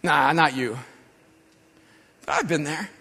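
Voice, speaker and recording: A middle-aged male pastor preaching a sermon through personal stories, swinging from hushed confession to shouting. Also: a little high, slow pace. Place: large church gathering hall. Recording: long reverb of a big hall.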